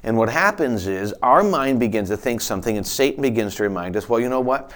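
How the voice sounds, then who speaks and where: Folksy middle-aged pastor, conversational sermon. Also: male voice, lowish voice, lively intonation, fairly quick, a bit bright. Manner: folksy, with frequent restarts and asides.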